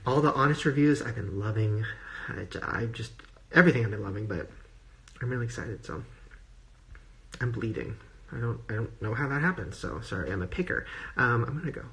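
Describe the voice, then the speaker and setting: Man rambling emotionally, vocal fry. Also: mid-range voice, a bit bright. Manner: rambling and gushing, full of "like" fillers. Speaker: social media personality on a livestream. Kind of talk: emotional casual livestream talk. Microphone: phone livestream.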